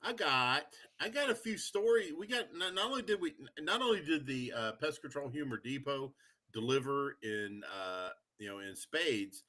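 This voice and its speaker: A man's voice: mid-range voice, lively intonation, normal speed, bright, forceful tone. A man co-hosting a podcast, chatting casually, profane and rambling, laughing as he tells customer stories. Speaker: podcast co-host. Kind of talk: casual chat.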